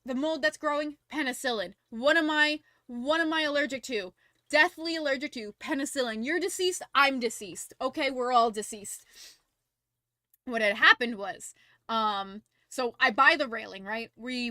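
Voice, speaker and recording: Bright high-voiced woman streamer. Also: dry recording, clean studio sound. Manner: rambling, animated storytelling with many fillers. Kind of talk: casual livestream chat and visual novel read-along.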